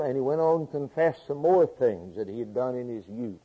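A man's voice: mid-range voice, lively intonation, moderate pace, slightly rough, lo-fi sound. A man preaching a sermon, asking rhetorical questions and repeating phrases for emphasis.

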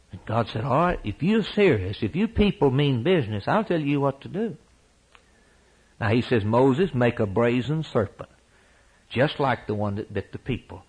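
A man preaching a sermon at a church service, impassioned, swinging from loud high peaks down to low, quiet lines. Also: breathy edge, poor audio.

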